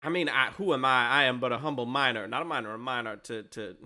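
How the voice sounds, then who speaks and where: A man's voice: mid-range voice, fast talker, pushed and bright. A man voicing a nervous, tiny halfling man who stammers and repeats his words. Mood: rambling.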